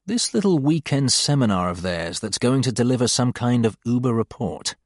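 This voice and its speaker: A man's voice: mid-range voice, expressive, normal speed, no echo. A man reading a first-person novel aloud in a dry, wry storytelling manner. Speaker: audiobook narrator. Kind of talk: scripted first-person narration.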